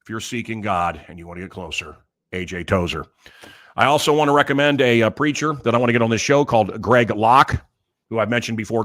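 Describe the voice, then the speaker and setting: A man's voice: mid-range voice, a bit bright. A man hosting his own show, talking in a loose, rambling monologue that jumps between topics with lots of fillers. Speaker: talk show host. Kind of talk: casual monologue.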